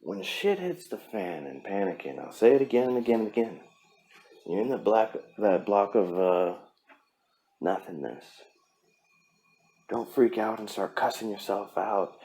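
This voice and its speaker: A man's voice: fairly low pitch, animated, measured pace, pauses often, dark tone. Blunt, cussing male podcast host. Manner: blunt, profane, pep-talk delivery. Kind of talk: casual motivational podcast monologue.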